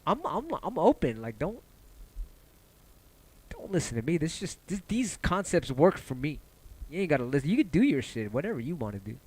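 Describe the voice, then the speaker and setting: A man hosts a casual livestream at a moderate pace, pausing often as he rambles loosely and passionately between ideas. He curses a lot, stays animated, and his pitch jumps when he gets excited.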